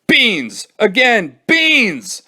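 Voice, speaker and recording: An excitable young boy who brags and shouts, as a man reading a storybook aloud puts him on. The voice sits high and swings about a lot. Every line bursts out. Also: normal speed, heavily acted. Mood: outraged. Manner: high-pitched, excitable, exclaiming. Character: excited worm-eating young boy, boastful.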